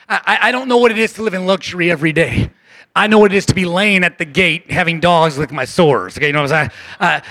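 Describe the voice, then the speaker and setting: A male pastor preaching a passionate sermon to his congregation, calling for responses and swinging between shouts and hushed lines, his voice going hoarse. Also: high-pitched, dry recording. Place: church sanctuary.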